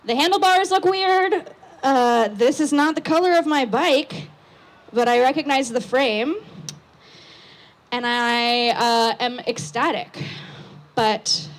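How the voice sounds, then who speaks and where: High-voiced woman telling a story loudly. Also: slow pace, pauses often. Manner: loud, excitable, talks with lots of fillers. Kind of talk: live storytelling on stage. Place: outdoor patio stage.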